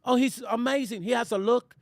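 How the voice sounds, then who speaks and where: A man's voice: very high voice, brisk, dry recording, soft background music. A man putting on a gushing European woman.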